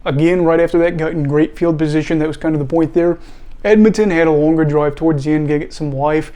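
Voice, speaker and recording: A man's voice: on the high side, fairly even intonation, fairly quick, mellow. A man, a young adult, hosting a casual solo sports recap, chatty and often breaking into apologetic laughter. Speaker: sports channel host.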